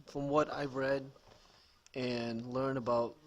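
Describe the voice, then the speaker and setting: A man's voice: medium pitch, little pitch movement, slow pace, muffled recording. A man with a Boston accent co-hosting a podcast, rambling in casual chat with many fillers. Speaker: podcast co-host.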